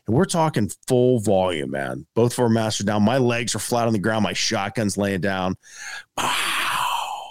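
A man telling a casual story as a podcast guest, rambling and animated, full of fillers like "man" and "dude.". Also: on the low side, moderate pace, few pauses, no echo, clean studio sound.

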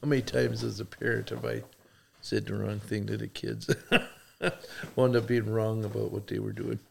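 Rich: A middle-aged man from Michigan with a very gravelly, creaky voice that sits low. He talks in a folksy, rambling way, filling his stories with "uh" and restarts, like a relaxed podcast guest. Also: moderate pace, a little hiss or hum. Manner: folksy, rambling, many fillers. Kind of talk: casual storytelling chat.

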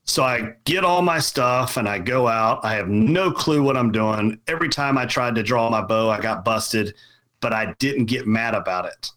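A man's voice: mid-range voice, normal speed, a bit bright, poor audio. A middle-aged man telling a casual, rambling story, restarting and repeating words as he goes. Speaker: podcast guest.

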